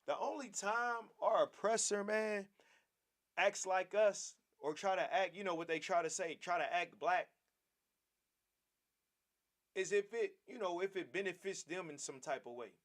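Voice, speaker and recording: A man's voice: high voice, a little slow. A man teaching a Bible class in a preaching style, emphatic and repetitive, often calling his listeners "man".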